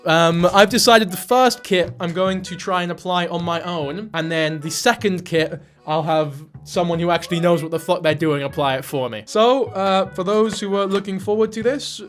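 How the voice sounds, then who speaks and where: A man with a notably high-pitched voice rants through reaction commentary, swearing freely and sounding exasperated. Faint music plays underneath him. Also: steady tone, normal speed, few pauses. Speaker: commentary YouTuber.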